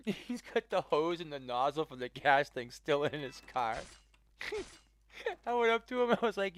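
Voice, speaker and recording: A man's voice: a little high, lively intonation, moderate pace, a bit bright. Rambling male streamer telling a story. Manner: rambling, full of "like" fillers and restarts; chuckles while telling the story. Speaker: game streamer. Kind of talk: casual storytelling.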